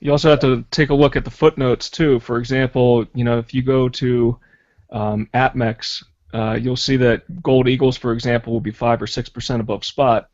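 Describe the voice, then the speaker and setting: A man on a panel in a casual online hangout, explaining costs and strategy in a steady, practical way. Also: mid-range voice, moderate pace, dry recording. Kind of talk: casual live hangout chat. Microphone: video call. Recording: dry, dull lo-fi call audio.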